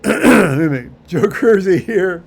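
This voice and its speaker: A man rambling through a solo vlog monologue, halting with many fillers and restarts, with dry dark humor. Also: high voice, expressive, vocal fry. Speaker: vlogger.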